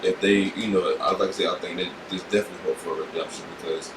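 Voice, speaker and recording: A man's voice: low-pitched, steady tone, quick pace, echoey room, distant mic, noisy background. A man hosting a reaction video, talking casually and hesitantly with many fillers.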